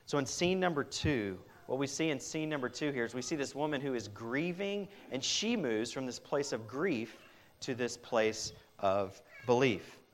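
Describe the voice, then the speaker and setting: A man's voice: mid-range voice, expressive, moderate pace. This is a man delivering a sermon in an ordinary mid-range voice. He pleads earnestly with his listeners, turning to them with direct questions. His sentences often stall and restart as he thinks aloud. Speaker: pastor.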